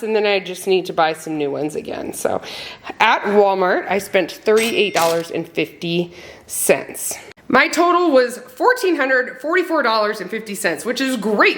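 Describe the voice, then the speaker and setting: A woman talks casually to her viewers in a chatty, upbeat vlog. She rambles along with plenty of ums and restarts. The tone is relaxed and friendly throughout. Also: medium pitch. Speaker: homesteading family vlogger. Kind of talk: casual chat to camera.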